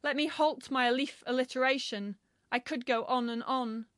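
High-voiced woman reciting poetry solemnly. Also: steady tone, moderate pace, a bit bright, no room sound, studio quality. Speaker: translator reading poetry. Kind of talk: poetry reading.

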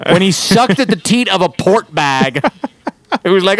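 A man with a high voice cracks wry jokes while recapping a TV episode with friends. His talk is casual and questioning. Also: animated, moderate pace, fairly bright tone, no echo. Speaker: podcast co-host.

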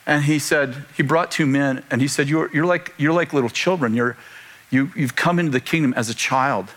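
A man's voice: mid-range voice, normal speed, fairly bright tone. An older man preaching a sermon to a congregation, in a conversational style with joking asides and chuckles. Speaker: pastor. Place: church before a congregation.

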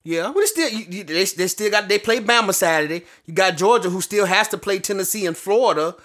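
Man, sports co-host, casual rambling talk, slightly high voice. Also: brisk. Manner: relaxed, rambling, with fillers and restarts.

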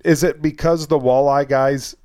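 A man's voice: on the high side, steady tone, moderate pace, darkish tone, no room sound, clean studio sound. Man laying out a point in casual podcast talk. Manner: argues by posing hypotheticals and repeated lists. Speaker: podcast co-host. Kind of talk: casual chat.

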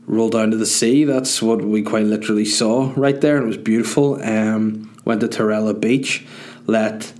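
A man's voice: on the low side, steady tone, normal speed, a little mellow. A Northern Irish man in his thirties hosting a solo podcast from home, rambling and self-mocking with sweary humor. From Northern Ireland. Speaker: podcast host. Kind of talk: solo casual podcast monologue. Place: dining room at home.

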